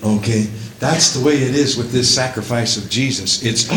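A man preaching a sermon as a pastor, breaking often into praise and hallelujahs and building up to shouting at the climaxes. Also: mid-range voice, moderate pace, few pauses, roomy sound, rough recording.

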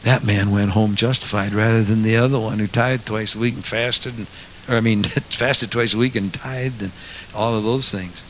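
A man preaching a sermon as a pastor, moving from quiet asides to loud, impassioned passages. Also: on the low side, fairly even intonation, moderate pace, a little hiss or hum.

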